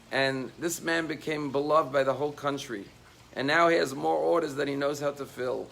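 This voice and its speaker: A rabbi tells a story in a sermon, his voice gravelly with a fry at phrase ends. His voice climbs with feeling when he voices the pleading, and faint noise sits under the recording. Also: a little high, normal speed, a bit bright. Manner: emotive retelling with rising intensity on quoted pleas.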